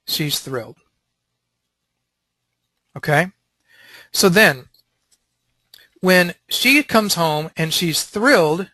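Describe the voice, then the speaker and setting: A man leading a Christian teaching panel, talking in an animated way and acting out quotes. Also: high voice, no room sound.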